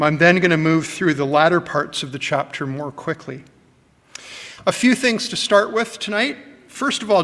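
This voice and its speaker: A man preaching a sermon, earnest and measured, with frequent ums and uhs as he gathers his words. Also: fairly high pitch, bright, forceful tone. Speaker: pastor. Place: church hall with long reverb. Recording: reverberant church hall.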